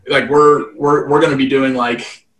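A man's voice: medium pitch, little pitch movement, measured pace, fairly bright tone. A man in his thirties, a guest telling stories in a casual interview, rambling with lots of fillers and restarts. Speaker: guest, fight event promoter. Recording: roomy, distant mic.

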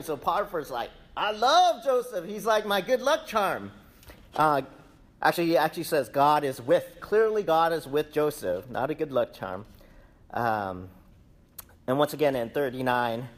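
A man giving a casual sermon, retelling a scripture story with lively, acted-out dialogue. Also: mid-range voice. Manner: animated storytelling, acts out quoted characters.

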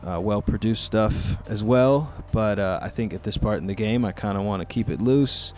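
A man's voice: lowish voice, normal speed, hardly any pauses, darkish tone, faint music behind. A man hosting a podcast in a casual, rambling chat, stoned and loose, talking into a mic at home. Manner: loose and rambling, full of fillers. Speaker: podcast host. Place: room at home overlooking the city. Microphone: studio mic with headphones.

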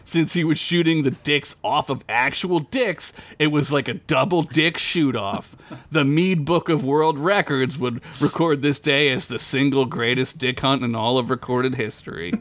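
A man's voice: mid-range voice, moderate pace, a bit bright, no room sound. A man reading a crude comic fantasy story aloud on a podcast, often laughing at his own jokes.

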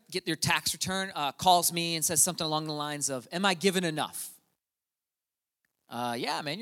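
A middle-aged man preaching a sermon as a pastor, telling stories and swinging from quiet asides to loud repetition. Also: fairly high pitch. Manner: storytelling, swings from quiet to shouting. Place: church hall. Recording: long hall reverb.

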